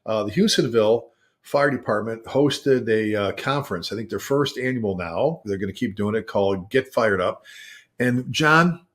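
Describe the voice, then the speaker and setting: A man, a fire chief co-hosting a podcast, chatting casually and teasing his co-host with lots of halting fillers. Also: on the low side, a bit bright. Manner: friendly ribbing, halting with fillers. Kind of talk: casual chat.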